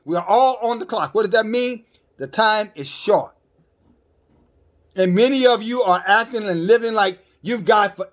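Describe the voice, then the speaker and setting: Blunt, emphatic high-voiced male preacher. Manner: blunt, emphatic, repeats words when stumbling; scolding, calls listeners sisters and brothers. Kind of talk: sermon.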